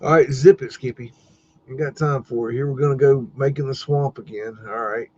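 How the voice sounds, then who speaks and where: A man of middle pitch hosts a casual livestream, rambling through his commentary with easy laughs and loose swearing. His audio is dull and lo-fi, with a faint hiss underneath. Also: steady tone, fairly quick, darkish tone. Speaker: livestream host.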